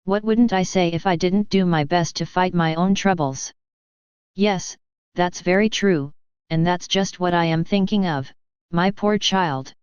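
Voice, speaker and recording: A woman's voice: lowish voice, unhurried, darkish tone, clean tone, no echo, lo-fi sound, close to an everyday voice. A woman reading an earnest troubled young farmhand. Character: humble young male ox driver, earnest and troubled.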